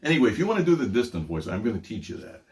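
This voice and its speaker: A man's voice: fairly low pitch, sing-song, very fast. An older man from Pittsburgh, a magician and ventriloquist, hosting a casual teaching demonstration in an upbeat, chatty way with frequent laughs. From Pittsburgh, USA.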